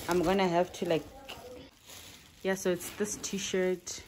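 Young woman, casual phone vlog at home, slightly low voice, faint background hiss. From South Africa. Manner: chatty, exasperated, quick laughs. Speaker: vlogger. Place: home indoors. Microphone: phone held at arm's length.

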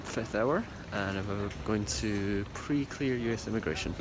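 A man's voice: lowish voice, measured pace, very noisy. A young man vlogging casually from an airport, chatty and rambling with lots of fillers and restarts. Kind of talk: casual travel vlog. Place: airport departure area, indoors.

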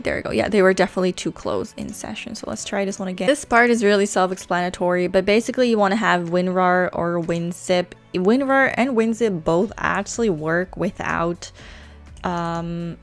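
Chatty woman with a gravelly edge. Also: lowish voice. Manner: chatty, rambling, self-teasing. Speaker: gaming channel host. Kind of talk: casual screen-recorded tutorial. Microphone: desk microphone.

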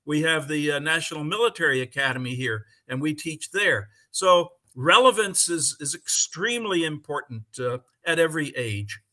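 Middle-aged man, bright and slightly high, halting with lots of fillers, eager conference panelist on a video call. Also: lively intonation. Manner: halting, many fillers, enthusiastic. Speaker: conference panelist and English teacher. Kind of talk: conversational answer on a video call.

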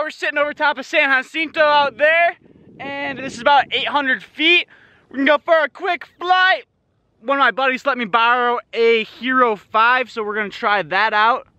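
A young man talking casually to the camera as an outdoor-sports vlogger, excited and laid-back, full of "like" and "dude". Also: very high voice, dry recording. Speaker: vlogger and speed flyer. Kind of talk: casual vlog talk to camera. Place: outdoors on a mountain.

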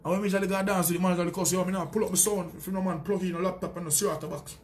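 A Jamaican man with a high-pitched voice delivers a heated callout rant. He speaks as a sound system selector, taunting and boastful, with plenty of profanity. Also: little pitch movement, very fast, darkish tone, a little hiss or hum.

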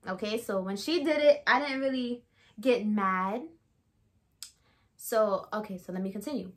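A young woman vlogger telling a story, animated and emphatic, with laughing asides to viewers. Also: mid-range voice, measured pace. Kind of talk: storytime vlog.

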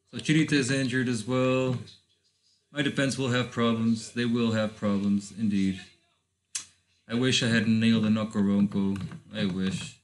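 This Lisbon-born gaming host, whose first language is Portuguese, chats through gameplay in English in a mid-range voice. His commentary is casual and thought-out-loud, full of digressions and flashes of excitement.

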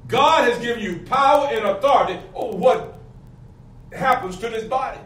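High-voiced preaching man, echoey hall. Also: moderate pace, fairly bright tone. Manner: fervent preaching with call-and-response questions. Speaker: pastor. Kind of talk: sermon. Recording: echoey, from a distance, faint room noise.

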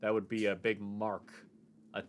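Low-voiced man running a game, hesitant. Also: flat delivery, normal speed, slight background noise. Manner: hesitant, filler-heavy narration. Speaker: game master. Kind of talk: narrating a tabletop game.

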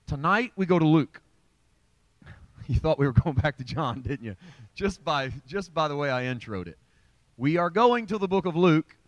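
A man's voice: on the high side, no room sound. A pastor teaching a midweek Bible study in a conversational, emphatic preaching style, often restarting his sentences. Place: church.

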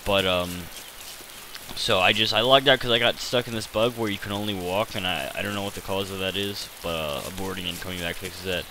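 Man, gameplay commentary, rambling and self-deprecating, low voice, hissing rain noise behind. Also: brisk. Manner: hesitant, self-deprecating, many fillers. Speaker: gaming channel host.

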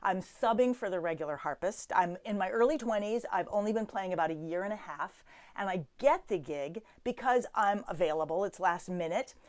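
A middle-aged woman, a harpist, telling a personal story to the camera, swinging between loud emphasis and hushed asides. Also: medium pitch, animated, normal speed.

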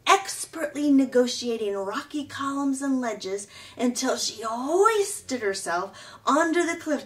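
A woman reading a children's chapter book aloud in an expressive, animated way. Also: a little high, recorded from a distance, low-quality recording.

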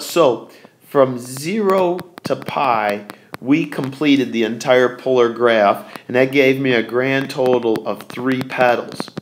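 A man's voice: mid-range voice, slight background noise. A man teaching a recorded math lesson, thinking aloud as he draws and correcting himself along the way.

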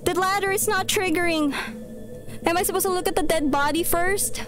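A woman's voice: extremely high pitch, fairly quick, music in the background. A woman streaming a horror game, panicking and repeating herself as she talks to her chat. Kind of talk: live horror game commentary.

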